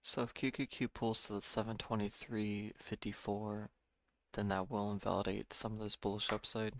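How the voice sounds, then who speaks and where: Gravelly low-voiced man calling trades. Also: level tone, a bit bright. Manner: measured, thinking aloud with small self-corrections. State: yawning, a bit tired. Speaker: day trading streamer. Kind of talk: live market commentary.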